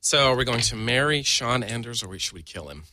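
A man with a bright, forceful tone whose pitch moves a lot. He banters in a laid-back way on a comedy podcast and throws in theatrical asides. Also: lively intonation, brisk. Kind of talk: casual banter.

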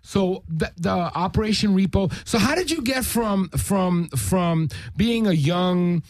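A middle-aged man from New York hosting a loose podcast chat. His voice sits a bit high for a man, he swears often and stammers through repeats when he gets going, and the sound is dry and close. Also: measured pace, no echo. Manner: profane, repeats words when excited. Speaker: podcast host. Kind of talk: casual interview chat.

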